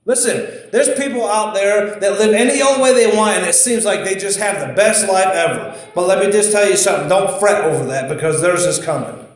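A man's voice: high voice, a little fast, few pauses. A man preaching an informal sermon, conversational and storytelling, often repeating himself. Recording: very echoey room.

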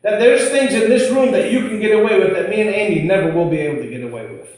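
Male preacher, higher voice, folksy storytelling sermon, heavy room echo. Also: animated, fast talker, a little mellow. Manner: conversational, storytelling, repeats himself. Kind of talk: informal sermon. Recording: very echoey room.

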